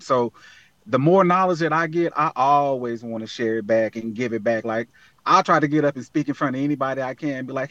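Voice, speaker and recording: A man with a fairly high voice speaks as a guest in a relaxed interview. He sounds earnest and motivational, talking from the heart. The recording is dry and dull, with a lo-fi edge. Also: fairly quick, dry recording. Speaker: guest, app founder. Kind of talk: casual interview conversation.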